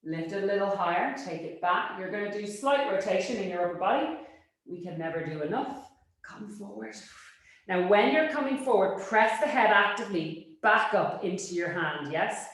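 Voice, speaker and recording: A woman teaching a Pilates class, giving brisk, encouraging cues and checking in with a quick "yes?". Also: medium pitch, expressive, fairly bright tone. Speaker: Pilates instructor. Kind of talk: cueing an exercise class. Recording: very echoey room.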